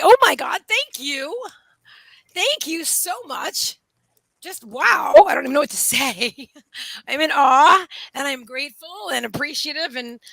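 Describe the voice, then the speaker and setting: Gravelly, bright, excitable woman host. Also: high-pitched, dry recording. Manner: gushing and excitable, talks to her dogs. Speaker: host of a live psychic reading stream. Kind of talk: casual livestream chat. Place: room at home, indoors. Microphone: camera setup lit by a ring light.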